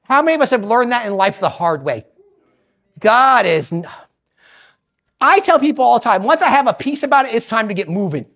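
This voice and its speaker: Animated high-voiced woman preaching. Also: brisk, pauses often. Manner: animated preaching, swings from loud bursts to hushed asides. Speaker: pastor. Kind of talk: sermon.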